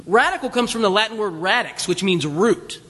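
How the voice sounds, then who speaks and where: A man preaching a conversational sermon, animated and chatty, acting out voices from the crowd. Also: high-pitched, moderate pace. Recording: long reverb of a large hall.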